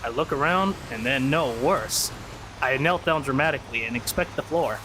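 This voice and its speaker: A man's voice: mid-range voice, normal speed. Chatty male streamer, air-con hum. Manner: rambling, restarts, addresses chat. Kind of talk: casual livestream storytelling. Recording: air-conditioner hum behind.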